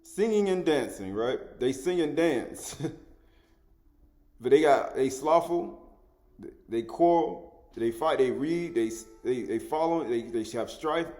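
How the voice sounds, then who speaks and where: A man's voice: on the high side, animated, takes it slowly, dark tone. A man giving an informal spoken Bible study, chuckling often, repeating words and asking the listener "right?" as he goes. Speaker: scripture teacher.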